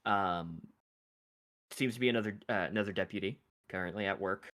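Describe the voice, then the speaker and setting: Bright-voiced male game master. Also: fairly low pitch. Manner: halting, many fillers. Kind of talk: narrating a tabletop game.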